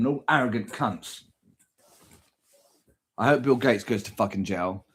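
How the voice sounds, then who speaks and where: A man's voice: medium pitch, unhurried, pauses often, a bit bright, slightly rough. A man talking in a casual vlog, crude and exaggerated, swearing constantly. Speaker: vlogger. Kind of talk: casual rant and food vlog.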